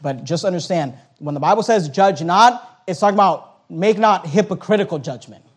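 A man in his thirties preaching a sermon as a pastor, swinging between forceful scripture reading and quiet asides. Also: sits high, moderate pace. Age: 30s.

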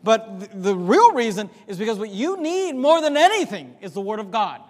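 A man's voice: sits high, very animated, moderate pace, darkish tone, big-room sound. A man preaching a sermon as pastor of his church, with an emphatic, repetitive cadence. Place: church sanctuary.

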